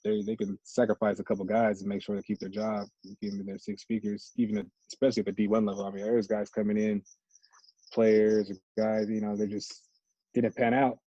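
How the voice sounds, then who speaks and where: An American man in his thirties, a podcast guest, telling stories in slangy, animated casual chat. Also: fairly low pitch, a little fast, slightly rough, no room sound, highs cut off. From United States. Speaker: podcast guest, former college football player.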